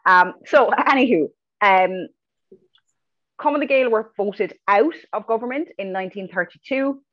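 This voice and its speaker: A woman's voice: medium pitch, normal speed, highs cut off. An Irish woman co-hosting a history podcast, talking earnestly and repeating words as she starts a thought. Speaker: podcast co-host. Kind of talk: casual history podcast chat.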